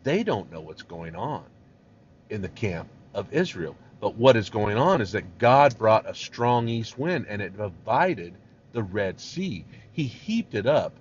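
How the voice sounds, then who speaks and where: Animated male preacher teaching a passage. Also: on the low side, a little slow. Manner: animated, conversational, acts out voices. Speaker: pastor. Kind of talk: expository sermon. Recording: dull lo-fi recording with faint hiss.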